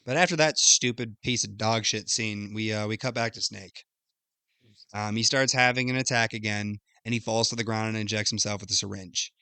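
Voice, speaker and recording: A young man co-hosting a podcast, recapping a video game in casual, profane, animated chat. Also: fairly low pitch, clear, resonant tone, no room sound. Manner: animated, profane, retells scenes with quick quoted voices. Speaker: podcast co-host.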